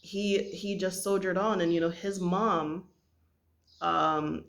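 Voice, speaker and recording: A middle-aged woman from Jamaica telling a personal family story in an earnest, halting way with many pauses. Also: low-pitched, vocal fry. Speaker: vlogger.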